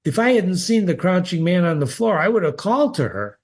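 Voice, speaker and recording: A man reading a short story aloud as the show's host, expressive and lifting his pitch on key words. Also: fairly quick, husky. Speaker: reader.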